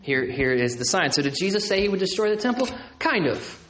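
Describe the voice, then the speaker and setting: In a roomy space with slight background noise, a man with a high, very animated, somewhat bright voice teaches the Bible briskly to a live audience. His sermon is conversational and chatty, sprinkled with jokey asides, and he keeps checking in with listeners.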